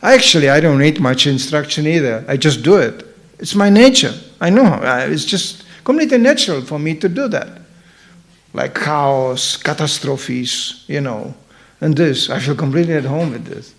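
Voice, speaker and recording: A man's voice: fairly high pitch, normal speed. A middle-aged man giving a humorous scripture class at a temple, telling stories and acting out characters. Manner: animated storyteller, acts out characters. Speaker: visiting speaker at a temple.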